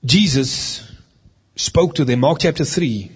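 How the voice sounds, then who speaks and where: A man's voice: medium pitch, animated, slow pace, slightly rough. A middle-aged man, a deliverance minister, giving a teaching sermon in an earnest, conversational way and reading from scripture as he goes.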